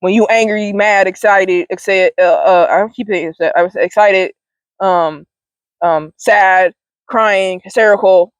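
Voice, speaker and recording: Unhurried and steady, this woman's mid-range voice carries a casual wellness-show monologue delivered to camera. She rambles, repeats words, laughs often, and swears now and then in an informal, slangy way. There's no echo, though the recording is rough.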